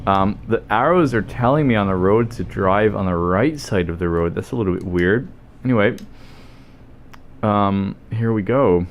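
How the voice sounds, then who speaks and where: A man's voice: lowish voice, normal speed, a little hiss or hum. An Australian man chatting casually as a livestreamer over gameplay, rambling and joking with plenty of swearing. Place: home streaming setup.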